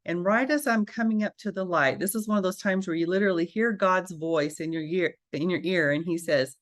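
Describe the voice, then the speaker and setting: A woman, a registered nurse, telling her story as a guest in a casual interview, animated and acting out the voices she quotes. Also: on the low side, a little fast.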